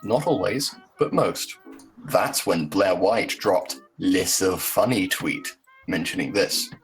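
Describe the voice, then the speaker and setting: A man's voice: sits low, slow, soft background music, poor audio. Sarcastic man reading his blog aloud. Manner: sarcastic, joking asides. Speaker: host. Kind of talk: reading a blog post aloud on a group video call. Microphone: video call.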